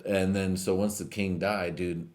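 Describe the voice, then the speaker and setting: Deep-voiced, rambling, stoned male podcast host. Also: level tone, measured pace, a little mellow. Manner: rambling and crude, with bursts of laughter. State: high on edibles. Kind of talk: rambling comedic monologue.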